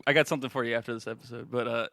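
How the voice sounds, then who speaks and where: A man co-hosting a comedy podcast, pitching crude jokes and tripping over his words. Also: steady tone, racing, a bit bright, no room sound, clean studio sound. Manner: crude, joking, tumbling words. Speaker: podcast co-host. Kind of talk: casual comedic chat. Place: podcast studio.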